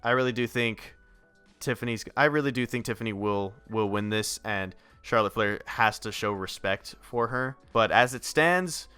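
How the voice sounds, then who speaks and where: Young male vlogger, bright clear voice, dry close sound, faint music under, unscripted and halting. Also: lowish voice, no room sound. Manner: rambling, hesitant, many restarts. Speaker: wrestling vlogger. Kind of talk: casual unscripted predictions.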